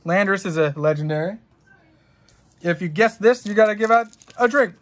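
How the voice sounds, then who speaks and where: A man's voice: high-pitched, brisk. A young man hosting a casual card unboxing stream, rambling and joking with his chat, with plenty of swearing. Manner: rambling, jokey and profane, talking to chat. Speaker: streamer unboxing trading cards.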